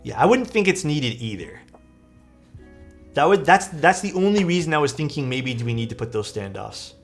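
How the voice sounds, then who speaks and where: A man's voice: a little high, normal speed, faint music behind. A man streaming live, casually chatting with his viewers and answering their questions while he works on a build. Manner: relaxed, chatty, reads and answers chat while working. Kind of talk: casual livestream chat.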